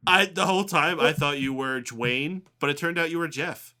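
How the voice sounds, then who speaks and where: A man's voice: a little high, moderate pace, pushed and bright. A man hosting a podcast, chatting casually and easygoing. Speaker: podcast host. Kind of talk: casual chat.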